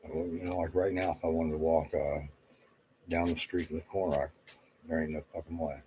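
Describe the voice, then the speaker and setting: Low-voiced flustered older man, muttering. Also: little pitch movement, brisk, warm tone, a little hiss or hum, poor audio. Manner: swearing, flustered, talking to himself. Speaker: livestream host. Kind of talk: rambling casual livestream.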